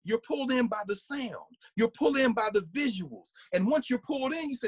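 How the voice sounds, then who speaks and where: A man giving a conversational lecture, animated and laughing often, sometimes singing snippets and acting out voices. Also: very high voice, a little fast, few pauses, breathy edge, dry recording.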